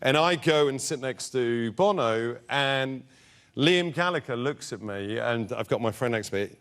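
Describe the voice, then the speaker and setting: A man telling a comic anecdote as a talk show guest, animated and laughing, on a noisy recording. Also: mid-range voice, a little slow, clean tone.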